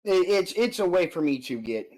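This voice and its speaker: A man's voice: high voice, sing-song, moderate pace, darkish tone, low-quality recording. A man acting as game master for an online tabletop game, talking in an easygoing, chatty way and laughing often.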